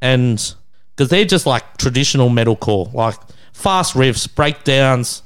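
Animated but a little slow, his medium-pitched voice sounds clean. The speaker is a thirtysomething Australian podcast co-host, crude and laughing, who performs the people in his stories on a casual show.

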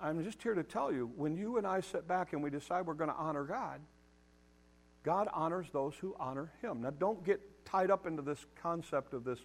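A middle-aged man preaching a sermon, emphatic and direct, challenging his listeners and repeating words as he builds each point. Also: on the high side. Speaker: pastor.

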